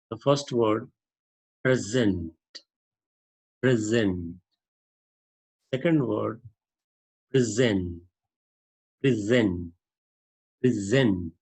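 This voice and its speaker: A man teaching a lesson on using a dictionary, explaining slowly with many repetitions and "uh" fillers. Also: mid-range voice, vocal fry, darkish tone, slightly rough, low-quality recording. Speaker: English teacher.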